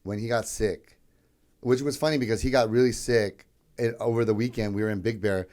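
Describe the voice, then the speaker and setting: A man's voice: lowish voice, steady tone, fairly quick, a little mellow. Chatty young man on a podcast. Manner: loose, chatty, lots of "like" and "yeah". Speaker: podcast co-host. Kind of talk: casual storytelling chat.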